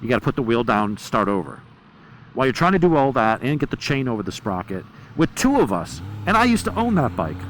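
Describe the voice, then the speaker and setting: A man's voice: mid-range voice, sing-song, fairly quick, poor audio. A man, a motorcycle vlogger, chatting bluntly and profanely with rambling stories while riding outdoors on a helmet mic. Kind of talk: casual chat while riding. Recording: loud wind and road noise.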